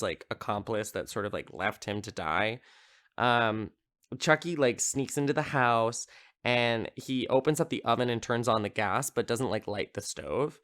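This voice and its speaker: With a medium-pitched, somewhat bright voice, a man hosting a laid-back podcast walks through the plot of a horror film. He keeps it chatty, peppering his retelling with "like" and casual cursing.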